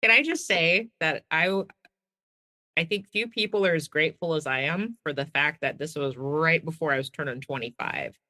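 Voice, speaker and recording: A woman's voice: low-pitched, moderate pace. A woman guest telling a personal story in a casual way, acting out the quoted dialogue as she goes. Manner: animated, acts out quoted dialogue. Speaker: guest sharing her story.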